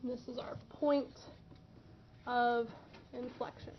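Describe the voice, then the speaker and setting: Woman math teacher in class, bright high voice, muffled recording. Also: flat delivery, takes it slowly. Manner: questioning, encouraging students. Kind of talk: classroom lesson. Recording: dull lo-fi classroom recording with faint noise.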